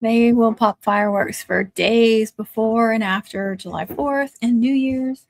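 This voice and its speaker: A woman's voice: on the high side, steady tone, measured pace, creaky, hardly any pauses, no echo. A woman chatting casually on a livestream from her country home, laughing often and cooing to her dogs. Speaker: craft livestream host. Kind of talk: casual livestream chat with viewers.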